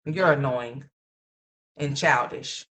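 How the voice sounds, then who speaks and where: Blunt, cussing woman streamer with a bright voice. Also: very deep voice, slow pace. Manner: blunt, profane, scolding. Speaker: livestream commentator. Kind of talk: casual live commentary. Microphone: streaming mic.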